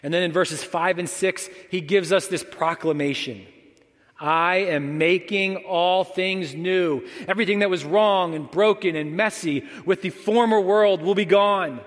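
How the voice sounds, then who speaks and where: A young male pastor delivers a sermon in a large hall that leaves a long tail of reverb on every phrase. His voice sits a little high for a man. He swells to bold, declaring lines and then sinks to a hushed, almost whispered intimacy. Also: moderate pace, hardly any pauses. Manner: dynamic, swings between loud proclamation and hushed near-whisper.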